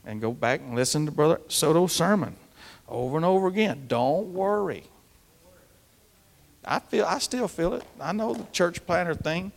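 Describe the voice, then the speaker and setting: A man preaching a sermon to church planters, animated and dramatic, acting out anxious prayers in sudden bursts. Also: fairly high pitch, moderate pace, creaky. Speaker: pastor. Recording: long reverb of a large hall.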